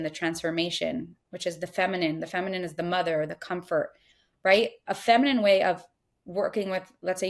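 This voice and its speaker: A woman speaking earnestly as a podcast guest, giving a spiritual coaching talk and voicing inner thoughts in little quoted asides. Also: lowish voice.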